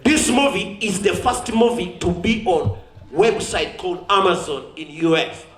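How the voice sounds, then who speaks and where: Ugandan man, high-pitched, laughing and exuberant at a ceremony speech, roomy echo. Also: animated, moderate pace, fairly bright tone. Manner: exuberant, laughing often, mixing in Swahili. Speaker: sports champion giving a thank-you speech.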